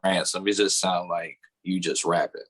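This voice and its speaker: Chatting casually as a podcast co-host, this man rambles, keeps restarting his thoughts, and tacks on "or whatever" as a hedge. His voice sits low and is a bit bright and slightly rough, with a steady tone and a moderate pace.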